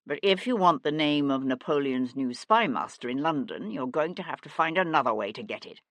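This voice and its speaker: A woman's voice: deep voice, lively intonation, measured pace, a bit bright, no room sound, heavily acted. A woman voicing a cold, stern young nobleman who speaks in a clipped, threatening way. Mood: menacing.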